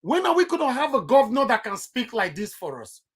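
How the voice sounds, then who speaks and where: A man's voice: extremely high pitch, big pitch swings, brisk, breathy edge. A man with a Nigerian accent giving heated political commentary on his vlog, emphatic and repeating himself for stress.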